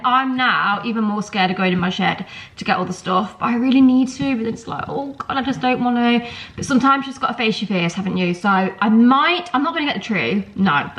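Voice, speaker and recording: A young woman vlogging from her home kitchen chats casually to the camera, telling stories packed with fillers like "um" and "like." She has a sore throat, and her medium-pitched voice sounds a bit bright on a low-quality recording.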